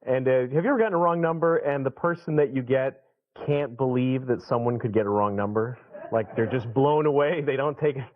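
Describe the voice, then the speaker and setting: A man doing stand-up comedy and talk-show banter, animated, breaking into loud shouted voices for his punchlines. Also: medium pitch, fairly quick, phone-quality sound.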